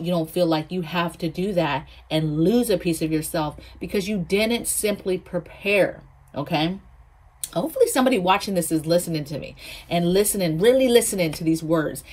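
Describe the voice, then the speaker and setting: A woman hosting a prepping channel, talking casually to her viewers in an emphatic way, repeating herself and mocking others in asides. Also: fairly low pitch. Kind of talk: casual talk to camera.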